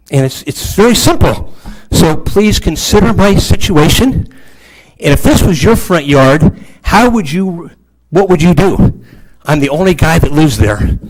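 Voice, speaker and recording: A man speaking in a fairly high voice as he pleads with a city council. He is emotional and earnest, repeating his appeals for help over and over. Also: poor audio. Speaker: resident giving public comment. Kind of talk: public comment at a council meeting. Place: council chamber.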